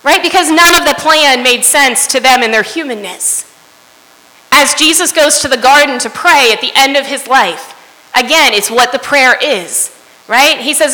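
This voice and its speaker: A woman's voice: high voice, normal speed, pushed and bright. A woman preaching a sermon in an earnest way, often asking her listeners "right?" as she goes. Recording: long hall reverb.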